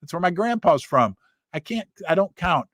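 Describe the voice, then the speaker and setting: Animated high-pitched male livestream host. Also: no room sound. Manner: animated, reads viewer names aloud in quick bursts. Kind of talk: casual livestream chat.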